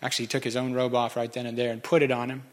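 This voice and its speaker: A man's voice: medium pitch, little pitch movement, rapid-fire. A man preaching a sermon, conversational and joking with the congregation. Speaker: pastor.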